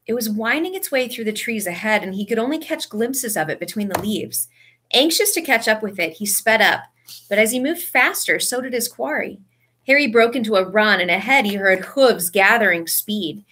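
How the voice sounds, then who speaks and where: A woman reading a story aloud with expressive narration. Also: medium pitch, moderate pace, slightly rough. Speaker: audiobook reader.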